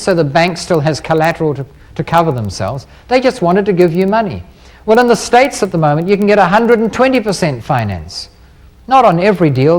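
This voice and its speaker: A middle-aged man speaking at a live seminar, bold and persuasive, putting many rhetorical questions to the room. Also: high voice. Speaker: seminar speaker on property investing. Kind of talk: live seminar talk to an audience.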